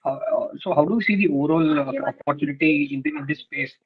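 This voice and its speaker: A male analyst talks quickly and hesitantly, full of fillers. His voice is husky and slightly high. It comes through a poor, tinny phone line. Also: no echo. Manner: hesitant, polite, many fillers. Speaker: analyst asking a question. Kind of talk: earnings call question.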